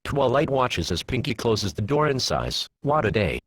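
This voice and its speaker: A man reading a fan fiction story aloud in a plain, steady storytelling manner. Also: mid-range voice, moderate pace, slightly rough, no echo, low-quality recording. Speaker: narrator.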